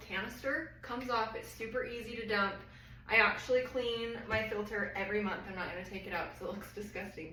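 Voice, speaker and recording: A woman's voice: mid-range voice, bright, forceful tone. A woman giving a casual, enthusiastic product review, chatty and full of fillers. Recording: roomy echo, mic at a distance, faint noise.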